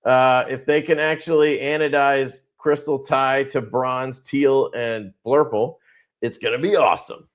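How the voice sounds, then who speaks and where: A man chatting loosely on his own livestream, drifting from one thought to the next. He swears freely and laughs often. His voice sits in an ordinary middle pitch. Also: steady tone, a little slow. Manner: rambling, profane, laughs often. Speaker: livestream host. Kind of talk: casual livestream chat.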